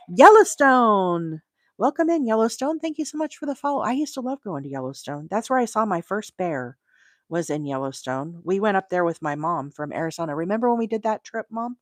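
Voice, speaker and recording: Chatty woman with a lively voice. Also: lowish voice, no echo, clean studio sound. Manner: chatty, rambling, laughs often. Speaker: crochet livestream host. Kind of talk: casual live-stream chat.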